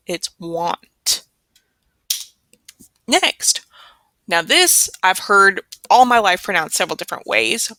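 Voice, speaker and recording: A woman tutor giving an online phonics lesson, slowly sounding out each word and repeating it. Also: mid-range voice, bright, forceful tone, no room sound. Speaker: literacy tutor.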